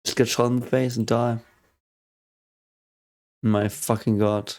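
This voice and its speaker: A man hosting a reaction video, talking casually and excitedly, swearing often and thinking aloud. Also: medium pitch, takes it slowly.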